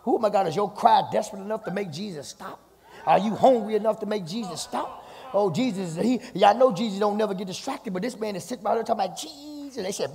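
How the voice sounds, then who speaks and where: A male pastor preaching a sermon, swinging from low talk to fervent shouted passages, recorded in a church. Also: brisk, gravelly. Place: church sanctuary with long reverb. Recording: hall reverb.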